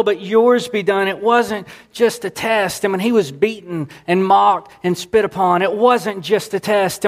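Earnest preaching man, fairly high voice. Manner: earnest preaching, rising in emphatic repetition. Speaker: pastor. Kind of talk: sermon.

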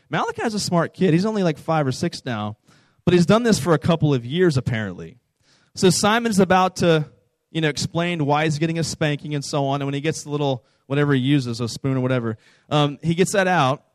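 A man's voice: fairly high pitch, no room sound. A man preaching a sermon to a young audience in a conversational, informal way, often asking them questions. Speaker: preacher speaking to a youth camp audience.

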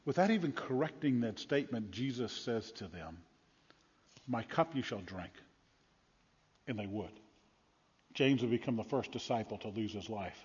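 A male pastor preaching a sermon in an animated storytelling manner with emphatic bursts. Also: mid-range voice, moderate pace, breathy edge. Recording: dull lo-fi sound with long hall reverb.

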